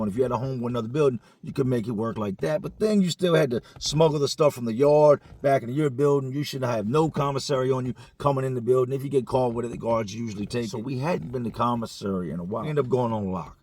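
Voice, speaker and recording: A man's voice: mid-range voice, quick pace, few pauses, darkish tone. A man telling a story casually, in profane, slangy conversational speech.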